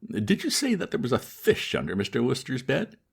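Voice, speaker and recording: A man reading aloud, voicing a pompous, indignant older gentleman in a formal, lofty manner. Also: mid-range voice, huge pitch swings, fairly quick, creaky, slightly rough, voice pushed up, exaggerated voice. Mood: stern.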